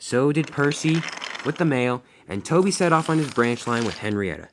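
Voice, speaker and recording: A man narrates a homemade toy-train story in an informal, lively voice. He slips and restarts his lines now and then. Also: mid-range voice, moderate pace, a little hiss or hum.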